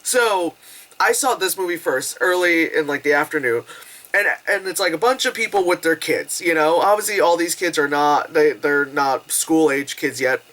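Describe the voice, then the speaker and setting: A young adult woman chatting casually through a movie review, animated and giggly, swearing freely and acting out squealing quotes. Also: low-pitched, moderate pace.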